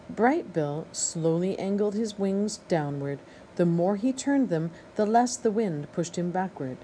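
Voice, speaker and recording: A woman reading a children's novel aloud in a steady, expressive narration. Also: fairly low pitch, measured pace, slight background noise, low-quality recording. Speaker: audiobook reader. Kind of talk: storybook read-aloud narration.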